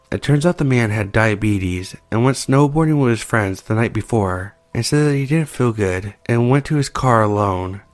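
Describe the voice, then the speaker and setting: A man calmly reading listener-sent creepy stories aloud, as the show's narrator. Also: on the low side, no echo. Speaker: horror story narrator. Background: soft background music.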